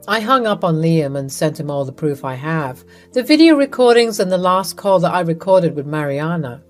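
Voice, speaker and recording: A woman narrating a first-person drama story in an even, matter-of-fact way. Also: sits low, normal speed, hardly any pauses, faint music behind.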